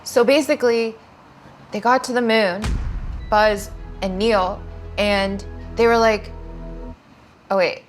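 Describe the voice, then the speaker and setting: A woman's voice: medium pitch, fairly even intonation, slow, long pauses, faint music behind. Rambling giggly woman telling a tale. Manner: rambling, giggly, full of fillers and restarts. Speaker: comedian guest. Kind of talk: casual storytelling while getting high.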